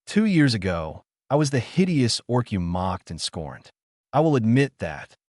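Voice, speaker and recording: A man's voice: medium pitch, very animated, unhurried, darkish tone, dry recording, clean studio sound. A man reading an earnest young prince. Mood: indignant. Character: young male prince, formerly mocked, protective.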